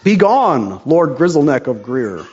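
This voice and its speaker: A man's voice: on the high side, big pitch swings, a little slow, a little mellow, slightly rough, dull audio, full character voice. A man voicing a stern, just old king in a storybook reading, speaking in a solemn, commanding way.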